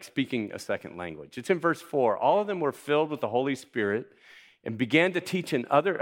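A male pastor gives a sermon with a lively, swooping voice that rises and falls a lot. He keeps it conversational and playful and often turns to the congregation with questions. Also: medium pitch.

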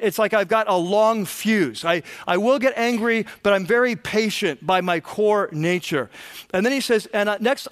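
A middle-aged man, a pastor, preaching a sermon in a conversational way, often repeating words as he restarts. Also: sits high.

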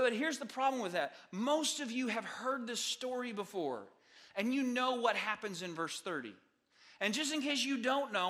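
A male pastor delivers a sermon in a high, forceful voice. He tells the story with animated asides, jokes and acted-out voices. His tone is bright and carries well. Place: church sanctuary.

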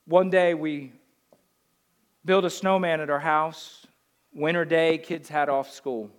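A man preaching a sermon as a pastor, swinging from loud declarations down to hushed storytelling. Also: on the high side, fairly even intonation, slow, clear, resonant tone.

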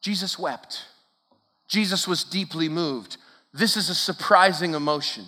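Slow, bright-voiced male preacher in a hall. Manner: dramatic, swinging from loud emphatic peaks to hushed low asides; asks the listeners rhetorical questions. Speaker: preacher at a youth camp. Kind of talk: sermon. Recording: long hall reverb.

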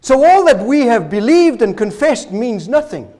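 Hoarse male pastor, expository sermon, animated high delivery, keeps coughing. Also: moderate pace. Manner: expository preaching with rhetorical questions, coughing. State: hoarse, voice failing.

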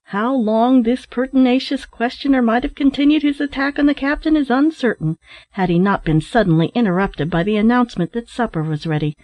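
A woman narrating a storybook in a steady, even reading voice. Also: a little high, brisk, no echo. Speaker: audiobook narrator.

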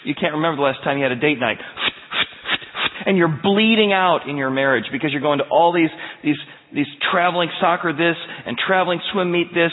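Animated preacher in an echoing hall. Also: male voice, a little high, a little fast. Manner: animated, emphatic storytelling. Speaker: pastor. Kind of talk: verse-by-verse sermon. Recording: tinny phone-like sound in echoing hall.

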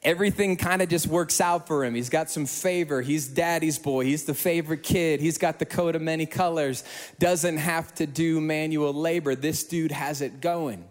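A male pastor preaching a sermon in a church, telling stories in an emotional, animated way. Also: a little high, normal speed, long reverb tail.

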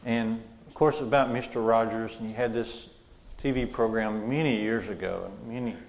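A man's voice: lowish voice, steady tone, normal speed, long reverb tail, a little hiss or hum, rough recording. A man preaching a sermon in a church, conversational, repeating and restarting his phrases.

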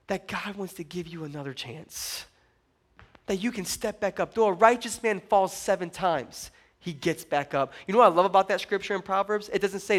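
High-voiced, lively male preacher. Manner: animated, playful asides and acted-out voices. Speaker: pastor. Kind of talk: sermon.

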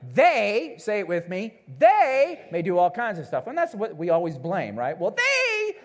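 A man's voice: sits high, normal speed. A male pastor preaching a sermon to his congregation in a conversational way, calling out to the listeners and acting out the people he quotes. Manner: animated, acts out the people he quotes. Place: church service before a congregation.

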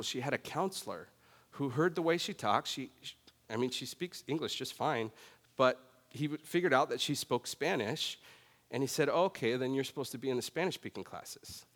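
A pastor with a mid-range, fairly bright voice preaches casually, sharing a personal story in a conversational, self-deprecating way and often saying "right?". The recording carries the long reverb of a large hall.

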